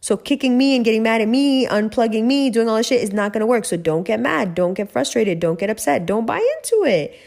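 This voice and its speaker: A woman's voice: on the high side, lively intonation, fairly quick, vocal fry, few pauses, a little mellow. A woman hosting a casual monologue, giving emphatic, profane and preachy advice straight to the listener. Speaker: podcast host, spiritual reader.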